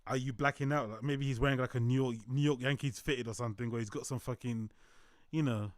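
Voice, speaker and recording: A man's voice: mid-range voice, steady tone, fast talker, darkish tone, no room sound, studio quality. A man hosting a reaction stream, chatting casually and jokingly, swearing often and repeating himself. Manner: joking, profane, repeats phrases. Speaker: host reacting to videos.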